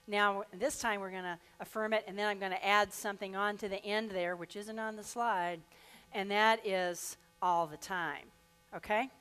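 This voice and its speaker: A woman minister speaks to her congregation in a church sanctuary, her voice sitting squarely in the middle of the range. She draws out the shared affirmations slowly, then reads a rhyming poem with lively, playful expression. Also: mid-range voice, clean tone. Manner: leads the congregation in slow, drawn-out affirmations. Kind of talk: sermon.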